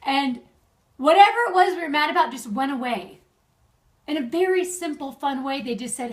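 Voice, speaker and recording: A young woman talks chattily and laughs easily as she gives friends marriage advice. Her voice sits fairly high and sounds a little distant from the mic, as if recorded at home. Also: normal speed. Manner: warm, chatty, laughs often. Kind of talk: casual video message.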